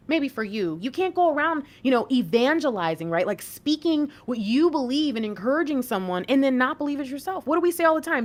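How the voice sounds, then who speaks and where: A woman's voice: high voice, big pitch swings, normal speed. A woman giving a casual spiritual card reading, chatty and encouraging, often laughing as she talks. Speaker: intuitive reader.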